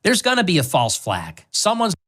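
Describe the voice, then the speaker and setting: A man's voice: sits high, wildly swooping pitch, normal speed, bright, forceful tone. Emphatic man giving a warning. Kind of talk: political commentary clip.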